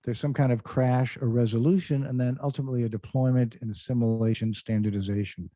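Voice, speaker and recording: Dark-voiced man presenting over a dull call. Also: mid-range voice, fairly even intonation, quick pace, no room sound. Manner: conversational, filler-heavy, quizzes the audience. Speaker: career speaker. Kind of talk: online presentation. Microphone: computer mic on a video call. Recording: dull lo-fi video call audio.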